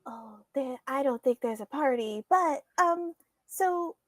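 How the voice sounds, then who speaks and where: A woman plays her character in a tabletop game, friendly and quick with a touch of apology. Her voice is very high. It sounds close and dry. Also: expressive, no room sound. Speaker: player.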